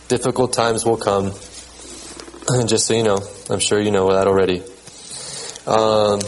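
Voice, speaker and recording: Male pastor, relaxed sermon delivery, halting repeats, measured scripture reading. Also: medium pitch, slight background noise, low-quality recording. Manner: conversational, repeats words, checks in with "okay?"; reads scripture aloud in a measured cadence.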